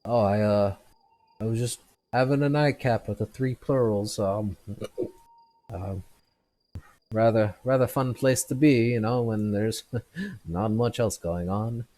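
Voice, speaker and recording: A man's voice: fairly low pitch, takes it slowly, pauses often, mellow, voice pushed up. A man voicing a short, balding drunk who stammers and slurs politely. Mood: tipsy.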